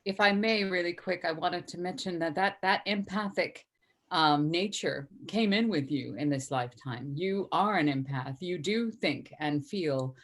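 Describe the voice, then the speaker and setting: Female host, low pitch, chatty and earnest live-stream talk on a video call. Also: unhurried, a bit bright. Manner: earnest, chatty, reads viewer comments aloud.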